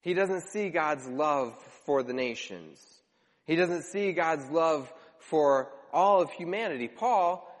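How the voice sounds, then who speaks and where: A man delivers a sermon in a fairly high voice, retelling scripture as lively storytelling with repeated phrases and animated quoted lines. His voice rings out with a long reverb, as in a large church hall. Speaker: preacher.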